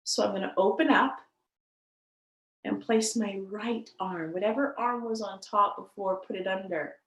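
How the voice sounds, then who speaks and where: A woman guides a chair yoga session in a gentle, upbeat way and laughs easily between cues. Her voice sits at an ordinary middle pitch. The sound is roomy, with clear echo around her. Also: moderate pace. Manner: gentle, cheerful, laughs often. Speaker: yoga instructor. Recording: echoey room.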